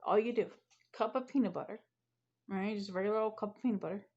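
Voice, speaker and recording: A woman's voice: mid-range voice, fast talker, a little mellow. A woman, chatting casually and rambling to her viewers from home. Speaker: vlogger. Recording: slightly muffled home recording.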